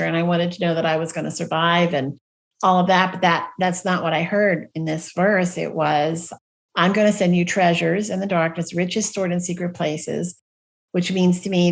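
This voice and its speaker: Reassuring woman host, lowish voice. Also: creaky. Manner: warm, reassuring, scripture-quoting. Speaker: podcast host. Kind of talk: ministry podcast conversation.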